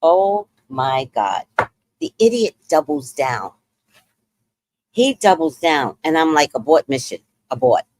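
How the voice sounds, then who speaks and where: A woman recapping a reality show in a casual, animated way, acting out the quotes. Her voice is lowish and swoops up and down a lot, and she takes her time. The sound is dry and close. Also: takes it slowly, dry recording. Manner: animated, exclaims and acts out quotes. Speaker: podcast host.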